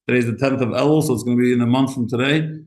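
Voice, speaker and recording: A man preaching as a rabbi, animated and impassioned, acting out short exchanges as he speaks. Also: mid-range voice, very fast. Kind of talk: sermon. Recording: echoey room.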